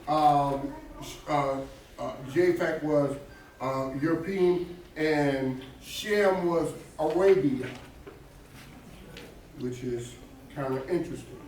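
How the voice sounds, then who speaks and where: Pastor guy teaching bible class, kinda high voice, keeps asking the room questions, far off mic. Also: a bit bright, very echoey, a little hiss or hum. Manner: emphatic, talks to the class with questions. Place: church classroom. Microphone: distant room mic.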